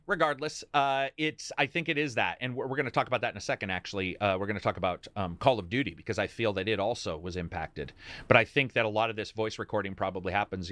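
A man's voice: on the low side, dry recording. Chatty man hosting a game talk stream. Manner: rambling, animated, talks to chat. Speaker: host. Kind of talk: casual chat about video games.

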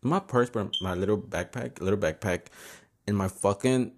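Chatty low-voiced man swearing through a story. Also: a little fast. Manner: chatty, swears often, slips Spanish words in. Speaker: podcast host. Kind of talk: casual storytelling monologue.

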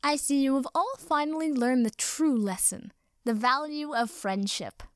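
A woman doing a booming grand wizard. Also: measured pace, no room sound. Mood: grandiose. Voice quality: booming and theatrical.

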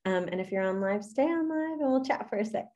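A woman's voice: mid-range voice, lively intonation, a little fast, a little mellow, highs cut off. A woman coach sharing in a casual, heartfelt way, earnest and gushing, full of "like" fillers. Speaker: fitness coach. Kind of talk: casual heartfelt sharing in a live group session.

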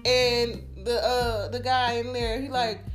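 Woman, podcast guest, high voice, laughing, animated storyteller, candid chat, faint music behind. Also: slow.

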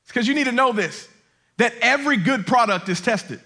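A man preaching a sermon as a campus pastor on a lapel mic, emphatic, repeating his points and building to shouts. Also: very high voice, animated, fairly quick. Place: church auditorium.

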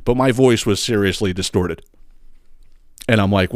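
A man, hosting a podcast in a casual ranting monologue, animated and swearing, his pitch jumping up when he gets worked up. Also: fairly quick, no echo, studio quality. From Philadelphia area. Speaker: podcast host. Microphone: side-address studio microphone.

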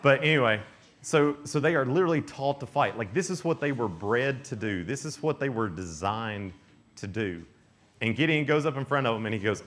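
Preaching at a youth camp, a young man with a lowish voice talks a little fast. His sermon is full of lively stories in which he performs the characters' voices, and he laughs frequently.

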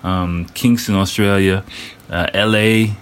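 A man's voice: on the low side, steady tone, measured pace, smooth. A man in his thirties hosting a casual solo podcast, loose and rambling, full of fillers, restarts and slang. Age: 30s. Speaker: podcast host.

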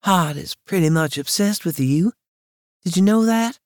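A chatty, outspoken young woman with a lively, frank way of talking, put on by a male audiobook narrator. Her voice sits much higher than his own and sounds close and dry. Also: a little slow, no room sound. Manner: lively, gossipy, blunt.

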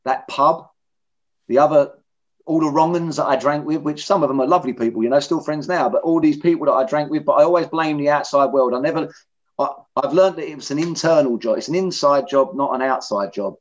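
A man's voice: fairly high pitch, brisk. A middle-aged man, candidly telling his own story in an interview, blunt and plain-spoken. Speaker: interviewee in recovery. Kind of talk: personal testimony in conversation. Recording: dull lo-fi recording.

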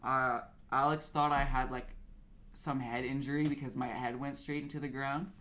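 A man's voice: mid-range voice, level tone, normal speed, sharp tone. A young man co-hosting a podcast, chatting casually and explaining things at length with many restarts. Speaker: podcast co-host. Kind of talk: casual chat.

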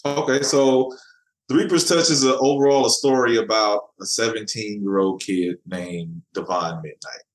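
Male comic writer, podcast guest, casual and halting, somewhat low voice, roomy echo. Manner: repeats words while finding his thought. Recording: echoey room.

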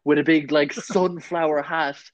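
A young man chatting casually as a podcast co-host, telling stories with laughs and animated quotes. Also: fairly high pitch, moderate pace, noisy background. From Ireland. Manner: laughing storyteller, animated when quoting people. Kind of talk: casual chat.

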